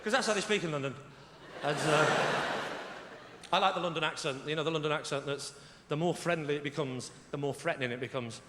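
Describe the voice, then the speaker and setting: A man's voice: on the high side, fairly quick, a little hiss or hum. A man doing a stand-up comedy routine in a large theatre, teasing the audience with rhetorical questions. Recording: echoey theatre with loud audience.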